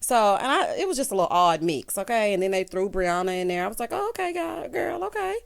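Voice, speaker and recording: Talking fast in a clear, resonant, medium-pitched voice, a woman delivers animated recap commentary on a reality show to camera. She's gossipy and casual, addressing viewers directly as honey and child.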